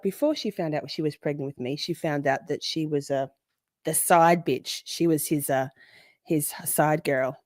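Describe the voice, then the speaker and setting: Woman, 40s, livestream host: loose, chatty, swears freely, lower-pitched voice, dry close sound. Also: mellow, no echo. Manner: chatty, swears, greets viewers by name. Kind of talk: casual livestream chat.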